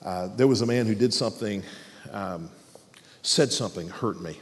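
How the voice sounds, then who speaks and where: A man's voice: lowish voice, normal speed. A man, a pastor, preaching a sermon with emphasis, often repeating words as he presses a point. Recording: long hall reverb.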